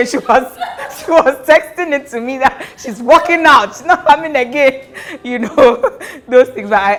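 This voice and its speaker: A woman from Ghana chatting casually as a mother sharing her experience, animated and acting out quotes with laughter, with light music behind. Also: medium pitch. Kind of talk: casual chat.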